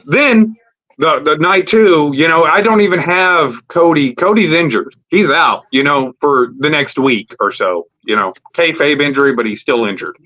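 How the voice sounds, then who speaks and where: A man hosting a live wrestling talk stream, ranting casually and profanely about storylines, rambling with fillers and acting out quick promo bits. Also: on the high side. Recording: lo-fi streamed audio.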